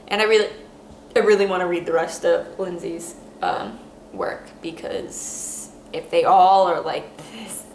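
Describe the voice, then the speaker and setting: A woman hosting a podcast, talking through a book review in an earnest, emotional way, halting with many restarts. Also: medium pitch. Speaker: podcast host. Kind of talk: casual book review monologue. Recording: roomy echo, faint background hum.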